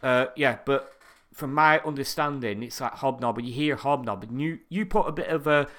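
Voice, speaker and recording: A man's voice: medium pitch, normal speed, fairly bright tone. A British man co-hosting a podcast, talking casually, swearing and drifting off into tangents. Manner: rambling, profane, drifts into tangents. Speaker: podcast co-host. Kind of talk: casual chat.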